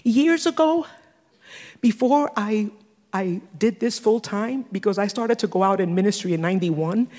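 A woman in her sixties preaching a sermon, animated, with teasing asides and laughter. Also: medium pitch, normal speed. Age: 60s. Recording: long hall reverb.

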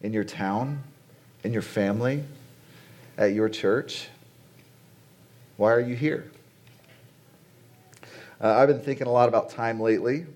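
A man's voice: mid-range voice, measured pace, pauses often, darkish tone. A man in his late forties giving a conversational sermon to a conference audience, chatty and asking the crowd rhetorical questions. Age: 40s. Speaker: conference speaker. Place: conference venue.

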